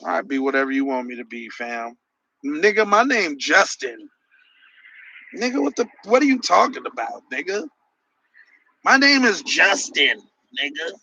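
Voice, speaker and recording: A man's voice: on the high side, big pitch swings, unhurried, sharp tone, lo-fi sound. A man hosting a podcast livestream, answering chat messages with sarcastic, mocking rants. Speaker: podcast host reading live chat. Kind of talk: heated livestream commentary.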